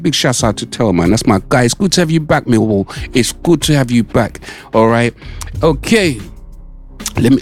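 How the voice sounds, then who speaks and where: A man's voice: mid-range voice, darkish tone. A man, hosting a radio show in casual chat, repeating himself and saying "mate" and "all right". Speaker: radio host. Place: radio studio.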